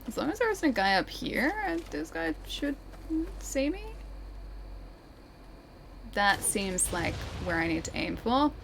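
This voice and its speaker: A young Australian woman giving casual gameplay commentary as a streamer, chatty, self-deprecating and quick to laugh. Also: fairly high pitch, very animated, gravelly, fairly bright tone, slight background noise.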